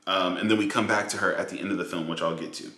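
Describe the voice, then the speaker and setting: A man giving a casual, animated film review monologue with lots of fillers and mocking asides. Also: deep voice, fast talker, echoey room. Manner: animated, mocking quoted voices, many fillers.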